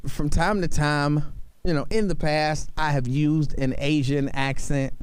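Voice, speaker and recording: A man's voice: a little high, dry recording. A man hosting a talk radio show, talking casually and animatedly, often repeating himself for emphasis. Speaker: radio host.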